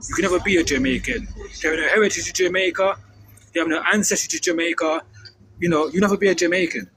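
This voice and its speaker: A man from Cuba calling into a live stream, lecturing forcefully and repeating phrases. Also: sits high, quick pace. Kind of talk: heated live-stream talk. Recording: noisy line.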